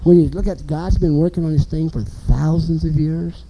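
A man preaching an informal sermon, animated and emphatic, asking the listeners questions. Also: on the high side, normal speed, heavy background noise.

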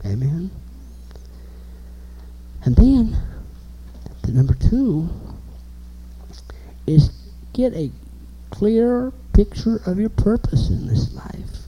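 A man preaching an informal sermon, animated and emphatic, asking the listeners questions. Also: sits high, very slow, long pauses, slightly rough, rough recording.

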